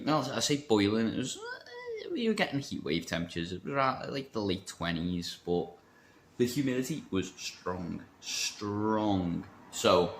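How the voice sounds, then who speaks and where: Man, casual vlog chat, rambling, self-mocking, lowish voice, faint background hiss. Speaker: vape shop worker and vlogger.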